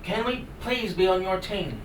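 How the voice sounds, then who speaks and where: A man voicing small, eager young animals in a folk tale, squeaky and pleading as they beg to join in. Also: animated, unhurried. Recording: roomy room from far off, noisy.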